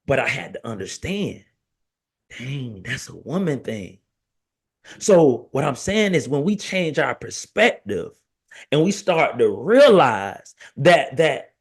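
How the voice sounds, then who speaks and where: Animated storytelling family man. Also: on the high side, husky. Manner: animated storyteller, acts out family quotes in raised voice. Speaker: podcast host. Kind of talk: casual preaching monologue.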